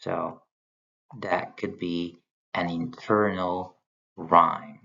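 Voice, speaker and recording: A man gives a recorded poetry lecture, explaining step by step as he points to examples on his slides. His voice is low, level, gravelly and sharp, and he speaks extremely slowly, all captured in dull lo-fi sound.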